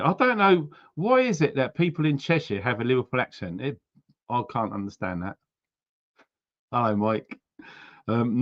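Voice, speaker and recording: A man's voice: fairly high pitch, highs cut off. A man hosting a casual livestream, greeting viewers by name and place in a chatty way with frequent ums. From United Kingdom. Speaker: livestream host.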